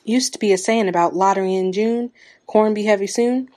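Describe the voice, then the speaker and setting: A woman's voice: mid-range voice, fairly even intonation, fairly quick, warm tone, pitched above the performer's own voice, close to an everyday voice. A woman voicing a stubborn, grumbling old man from a village in a read-aloud story, petulant and scornful.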